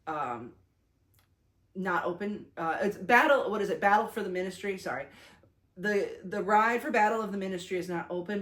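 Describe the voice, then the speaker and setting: A young woman vlogger casually retelling her day, chatty and animated, with lots of fillers and self-conscious restarts. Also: on the low side. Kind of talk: casual storytelling recap.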